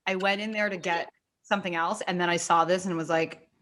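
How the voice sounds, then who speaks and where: A woman, an opera singer co-hosting a casual chat, telling animated stories and acting out what other people said. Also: fairly low pitch, a little fast. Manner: animated storyteller who acts out other people's lines.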